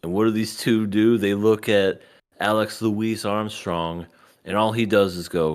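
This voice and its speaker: A man's voice: lowish voice, unhurried, clear, resonant tone. A man co-hosting a podcast in casual chat, joking and telling stories. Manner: joking, animated storytelling with laughs. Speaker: podcast co-host.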